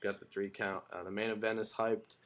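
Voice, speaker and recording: A man's voice: on the low side, flat delivery, brisk, noisy background. A young man casually recapping and reviewing a wrestling broadcast, rambling and opinionated, with frequent fillers and restarts.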